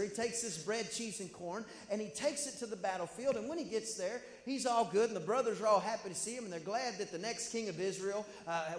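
High-pitched male pastor preaching in a big reverberant church and acting out the story's voices. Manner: animated storytelling, voices quoted characters. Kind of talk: sermon. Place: church sanctuary. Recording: echoey church hall.

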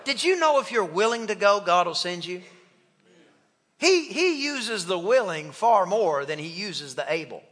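High, bright-voiced impassioned preacher man. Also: big pitch swings, a little slow. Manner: impassioned, with repetition and call-and-response. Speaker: pastor. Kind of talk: sermon. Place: church sanctuary. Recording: long reverb of a church hall.

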